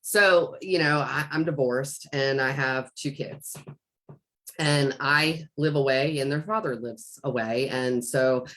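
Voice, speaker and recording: A woman's voice: rumbling low, slow, fairly bright tone. A woman co-hosting a casual talk show, rambling as she retells a talk with her son. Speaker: podcast co-host. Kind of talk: casual conversation.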